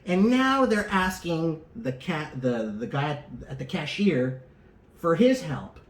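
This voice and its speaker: Brief: swearing male podcast co-host, higher voice, animated retelling, echoey room. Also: takes it slowly. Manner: profane, animated, acts out the people in his story. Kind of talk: casual storytelling. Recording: roomy echo.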